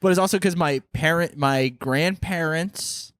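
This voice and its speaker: A man's voice: a little high, a little slow, fairly bright tone, smooth, dry recording, clean studio sound. A man co-hosting a podcast, telling stories in casual chat, swearing freely and laughing as he talks. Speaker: podcast co-host.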